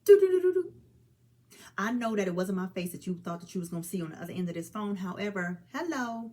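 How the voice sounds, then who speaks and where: A woman's voice: on the low side, quick pace. A woman in her forties speaking earnestly and directly to listeners, calling them honey and child as she pleads for people to help each other. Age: 40s. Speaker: mother speaking on suicide awareness. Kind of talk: heartfelt direct-to-camera talk.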